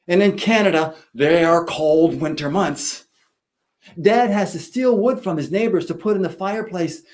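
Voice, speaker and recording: A school principal giving a speech, telling a story with dramatic pauses. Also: male voice, a little high, darkish tone.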